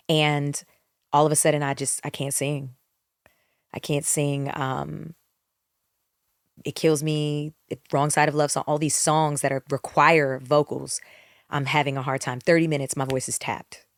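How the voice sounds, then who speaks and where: A woman's voice: low voice, dry recording, clean studio sound. A middle-aged woman, a singer, candidly telling her story in a podcast interview, reflective and full of restarts. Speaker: guest singer.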